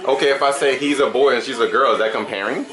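A man's voice: mid-range voice, quick pace. A man, a father in a family vlog, talking casually at home and arguing back lightly while a football game plays. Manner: argues back lightly, talks to the baby and at the TV. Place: living room at home. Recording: roomy room with TV sound behind. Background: TV with football game playing.

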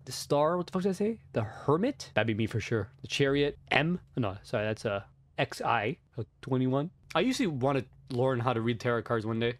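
A man's voice: mid-range voice, lively intonation, a little fast. A young man playing a horror game on stream, rambling, swearing and reading on-screen text aloud in casual commentary. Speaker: gameplay streamer. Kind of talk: let's play commentary.

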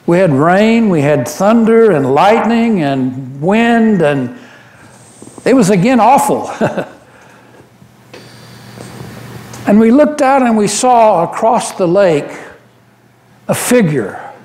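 Guy doing peter the fisherman, earnest and devoted, high lively voice, takes it slow, echoey church. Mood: awed. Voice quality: earnest, animated storyteller with frequent restarts. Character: apostle Peter, a rough, devoted fisherman retelling his memories. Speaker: church member giving a dramatic monologue. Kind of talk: first-person dramatic monologue in a worship service. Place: church sanctuary. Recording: roomy church echo.

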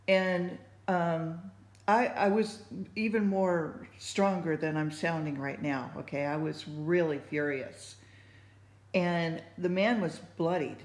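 Slow-talking woman in an echoey room. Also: lowish voice, lively intonation. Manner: rambling, many fillers and restarts. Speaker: speaker sharing faith thoughts. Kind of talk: casual spoken reflection.

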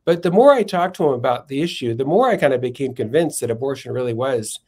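A man's voice: medium pitch, animated, fast, darkish tone. Thoughtful man answering as a guest. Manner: thoughtful, searching for words. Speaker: guest philosopher and author. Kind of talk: podcast interview, storytelling.

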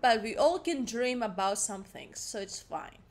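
A woman's voice: fairly high pitch, expressive, a little slow. A young woman commenting casually while playing a game, jumpy and chatty, mocking herself. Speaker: gaming streamer. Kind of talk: casual let's-play commentary.

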